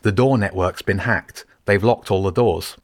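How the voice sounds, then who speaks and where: A man's voice: on the low side, normal speed, no echo, studio quality, lightly acted. A man doing an urgent, resourceful teenage boy. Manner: urgent and insistent. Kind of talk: audiobook character voice.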